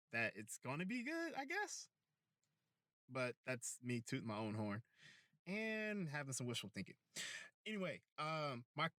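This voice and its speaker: A man's voice: mid-range voice, sharp tone. A man hosting a podcast, delivering a heated, rambling monologue full of swearing. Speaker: podcast host. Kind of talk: profane ranting monologue. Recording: roomy sound, distant mic.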